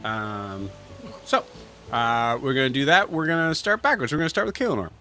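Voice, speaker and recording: A man running a tabletop game as game master, narrating slowly with many fillers and restarts. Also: mid-range voice, animated, bright, forceful tone, faint music behind.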